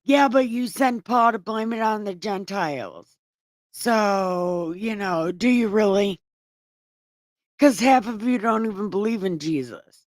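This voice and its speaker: A woman reads scripture in a casual way and keeps breaking in with sarcastic, profane remarks. She talks slowly, in a mid-pitched voice. The recording is dry and close, with no room echo. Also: lively intonation. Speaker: online Bible reader and commentator. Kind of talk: casual scripture reading with commentary.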